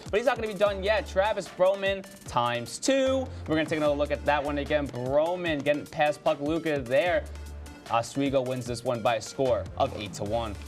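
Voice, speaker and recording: A young man in his twenties calling sports highlights on a campus TV show, playful and energetic, throwing in jokes and sound effects. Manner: energetic, jokey, mimics sounds.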